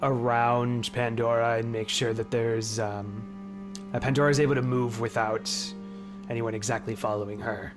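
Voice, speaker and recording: A man describes his move in a plain, mid-pitched voice, pausing now and then. Guitar music plays clearly behind him. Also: little pitch movement. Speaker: player. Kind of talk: tabletop role-play over voice chat.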